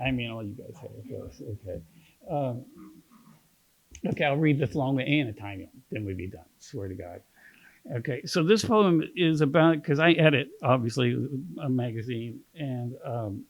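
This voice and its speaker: A man's voice: medium pitch, gravelly, dull audio. A man with a Kentucky accent reading his poetry at a book launch, chatting and joking with the audience between poems. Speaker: poet and magazine editor reading at a book launch. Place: literary center event room.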